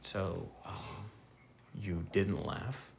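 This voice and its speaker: A man's voice: deep voice, extremely slow, creaky, slight background noise, exaggerated voice. An actor playing a husband who talks sheepishly, stumbling and restarting his words. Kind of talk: naturalistic short film acting.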